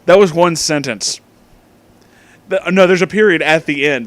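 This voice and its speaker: A young man reads fan fiction aloud in a flat, deadpan way. He keeps stopping to react in disbelief and breaks into laughter. His voice sits a little above the usual pitch for a man. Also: moderate pace, long pauses, no echo. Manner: incredulous, laughs often, deadpan reading. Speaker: host reading fan fiction. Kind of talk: comedic reading with commentary.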